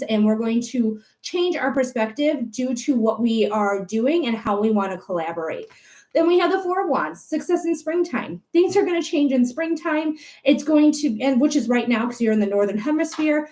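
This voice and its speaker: A woman's voice: high voice, expressive, moderate pace, darkish tone. A woman giving tarot readings on a live stream, chatting to her viewers and pets between cards. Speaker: psychic tarot reader.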